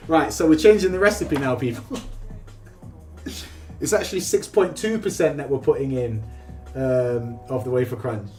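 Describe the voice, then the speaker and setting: A man chatting casually during a live stream, and he gets excitable and swears freely as he goes. His voice sits at an ordinary middle pitch. Faint music plays softly in the background. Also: normal speed. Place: home kitchen.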